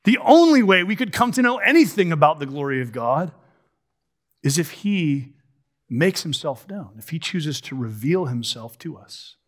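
A man delivers a sermon in an emphatic, questioning style, slowing down to lean on key words. His voice sits a touch higher than most men's. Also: very animated, fairly bright tone. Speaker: preacher.

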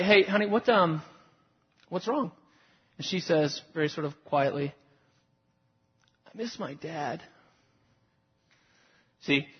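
A man's voice: a little high, breathy edge. A man preaching a sermon to his congregation, telling self-deprecating stories about his marriage in a conversational way. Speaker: pastor. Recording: lo-fi recording with long hall reverb.

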